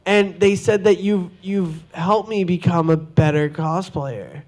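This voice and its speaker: A man cosplayer on a convention panel, telling lively stories and jumping into quoted voices. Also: high voice, a little slow. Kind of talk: animated storytelling to a panel audience.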